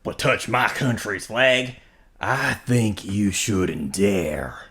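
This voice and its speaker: A man's voice: on the low side, drawn-out words, vocal fry, fairly bright tone, slight background noise, voice pushed down, heavily acted. A man voicing a proud, gun-toting Texan man in a put-on Texan accent, drawling and threatening. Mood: menacing.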